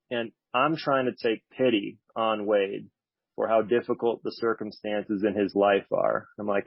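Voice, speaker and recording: Low, flat-voiced man sharing at a meeting. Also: measured pace, vocal fry, dry recording. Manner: reflective, candid, slightly wry. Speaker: speaker sharing at a recovery meeting. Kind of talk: personal recovery talk. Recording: dull lo-fi recording.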